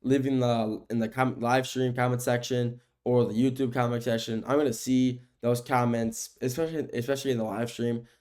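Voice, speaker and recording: A man's voice: mid-range voice, moderate pace, few pauses. Rambling young man hosting a sports podcast. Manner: rambling, repeats himself, many fillers and restarts; grows excited when talking about the game. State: sleepy, keeps yawning. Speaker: podcast host. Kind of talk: casual sports podcast monologue.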